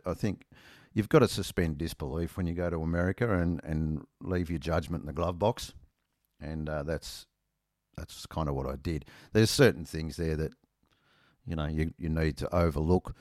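A man's voice: rumbling low, normal speed, a little mellow, no echo, clean studio sound. A middle-aged Australian man telling a rambling, self-mocking anecdote in casual chat, full of ums and uhs.

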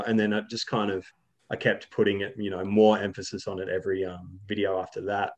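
A man's voice: on the low side, little pitch movement, fairly quick, darkish tone, highs cut off. A young Australian man chatting casually as an interview guest, rambling with lots of fillers and restarts. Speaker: guest, video creator.

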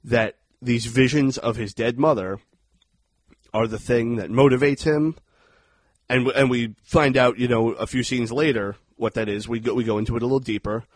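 Animated man recapping a movie. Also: mid-range voice, moderate pace, dry recording. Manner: animated recapping with acted-out outbursts. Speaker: podcast co-host. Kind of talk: casual movie review chat.

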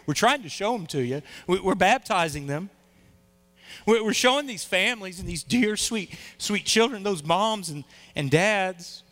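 A middle-aged man preaching a sermon, telling a personal story with lively, acted-out quotes. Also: sits high, moderate pace. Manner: animated storyteller, acts out quoted voices. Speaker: pastor.

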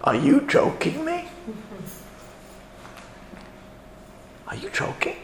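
An exasperated female airline agent, as a man puts her on, speaks high and slow with incredulous disbelief, lecturing her customers. The gravelly voice echoes in a large hall. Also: sing-song, slight background noise.

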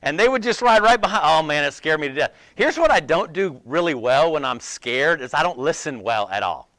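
Lively, conversational male pastor, dry sound. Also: fairly high pitch, a little fast, dry recording. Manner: animated and conversational, dropping to a near whisper at times. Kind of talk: casual sermon.

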